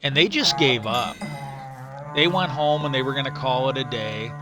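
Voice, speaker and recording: A man's voice: medium pitch, lively intonation, moderate pace, over music. A middle-aged man chatting casually on a live stream while gaming, retelling a story in a rambling, stop-start way.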